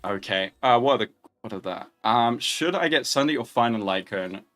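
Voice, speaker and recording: A man's voice: mid-range voice, animated, moderate pace, a bit bright, a little hiss or hum. A young man hosting a casual livestream, chatting, joking and answering viewer questions. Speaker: livestream host.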